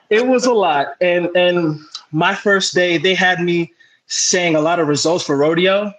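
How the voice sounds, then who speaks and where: A young man, a sports broadcaster, chatting as an interview guest and telling animated stories with plenty of fillers and restarts. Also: high voice, moderate pace, low-quality recording. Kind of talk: casual interview chat.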